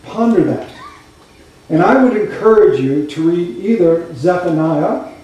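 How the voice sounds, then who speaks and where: A man with a high voice preaches a sermon, telling stories with lively, conversational asides. His voice rings through a very echoey church sanctuary. He sounds some distance from the microphone. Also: a little slow, dull audio. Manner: animated storytelling, conversational asides. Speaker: pastor.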